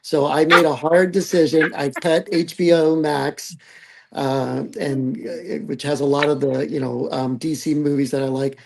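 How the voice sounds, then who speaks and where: Gravelly man, relaxed podcast chat. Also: on the high side, a crowd in the background. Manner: relaxed, rambling, halting.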